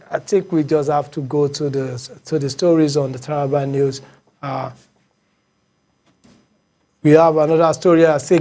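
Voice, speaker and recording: A man's voice: a little high, a little mellow. A man hosting a morning show, reading headlines with many fillers and repeats. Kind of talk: reading headlines and taking calls.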